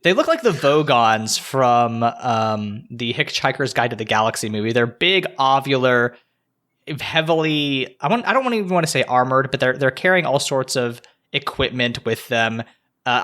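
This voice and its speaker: A man co-hosts a casual podcast, retelling events in a loose, rambling way with plenty of fillers. His voice has a bright, forward tone. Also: medium pitch. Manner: relaxed storytelling, many fillers and restarts. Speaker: podcast co-host. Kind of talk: casual chat.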